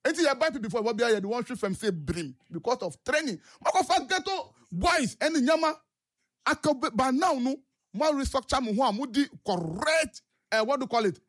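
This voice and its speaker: A man's voice: very high-pitched, animated, brisk, a bit bright. A man with a Ghanaian English accent, calling in to a talk show and giving impassioned political commentary with rhetorical questions. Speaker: caller.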